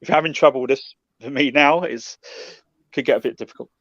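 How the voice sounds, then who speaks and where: A man's voice: medium pitch, fast talker, a bit bright, no echo. A man from South London with a strong London accent, chatting easily and spinning funny anecdotes. He laughs a lot and swears casually. The sound is a bit dull and lo-fi, with a dry, close feel. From South London, England. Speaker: guest Londoner advising traveling fans. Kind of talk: casual chat.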